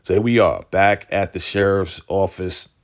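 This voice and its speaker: A man's voice: sits low, fairly even intonation, normal speed. A man hosting a casual episode recap, telling it in a slangy, chatty way with many asides. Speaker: recap show host.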